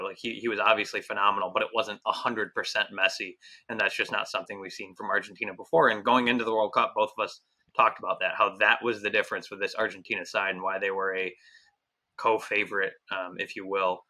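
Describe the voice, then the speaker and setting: Bright-toned man talking soccer tactics. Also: on the low side. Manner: rambling, frequent restarts and fillers. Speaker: podcast co-host. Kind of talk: casual soccer analysis chat.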